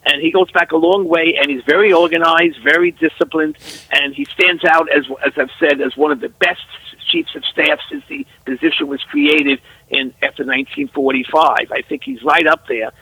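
An older man, a guest commentator, speaks in a gravelly and slightly husky voice with a bright, pointed edge. His pitch sits somewhat high and he rambles earnestly from point to point, his voice leaping upward when he leans on a word. The sound is dry and close. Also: fairly even intonation, moderate pace, dry recording, low-quality recording. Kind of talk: phone-in radio talk.

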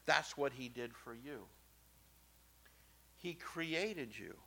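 A middle-aged male pastor preaching a sermon, emphatic and swinging from soft, low asides to loud exclamations. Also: lively intonation, takes it slowly, gravelly, pauses often, breathy edge.

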